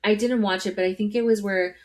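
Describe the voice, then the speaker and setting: A woman's voice: mid-range voice, steady tone, quick pace, darkish tone. A woman co-hosting a podcast in casual chat, talking with lots of fillers and often overlapping her co-host.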